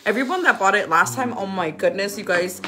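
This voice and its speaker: A woman's voice: mid-range voice, expressive, a little fast, pushed and bright, slight background noise. Bubbly woman chatting through a makeup product demo. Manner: bubbly, laughs often, swears playfully, many ums. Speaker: makeup influencer selling a product. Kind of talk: casual live product chat.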